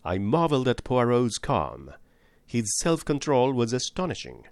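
A male audiobook narrator telling a first-person mystery. His voice moves with lively pitch and sits in a middle register, recorded close and dry. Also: a little slow, vocal fry, no room sound.

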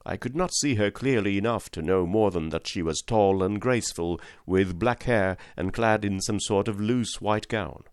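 A man reading a story aloud as an audiobook narrator, in a measured and dramatic way. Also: on the low side, clean tone, dry recording, studio quality. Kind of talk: scripted narration.

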